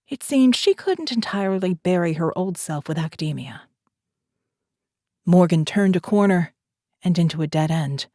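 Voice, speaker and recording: A woman with a fairly low voice reads a thriller audiobook in a steady, measured way. The recording is dry and close, with no room sound at all. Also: no room sound. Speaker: audiobook narrator. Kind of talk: scripted narration.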